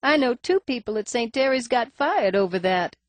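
A brusque, sly middle-aged records clerk, put on by a woman reading an audiobook, talking in a nasal, higher-pitched voice with the faintest lisp. She is blunt and emphatic, and the reading sounds dry and close. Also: expressive, moderate pace, no room sound, natural voice. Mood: emphatic gossipy. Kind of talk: audiobook character voice.

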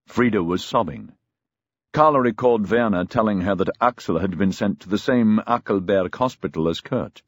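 Expressive man narrating a novel, husky. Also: lowish voice, moderate pace, dry recording, studio quality. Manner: expressive storytelling. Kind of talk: audiobook narration.

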